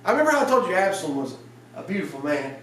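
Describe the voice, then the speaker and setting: A man's voice: high-pitched, very fast, slight background noise. Man preaching in an echoey church. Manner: lively storytelling, laughs at the story, acts out lines. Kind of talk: casual evening sermon. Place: church sanctuary. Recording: roomy church sound from a distant mic.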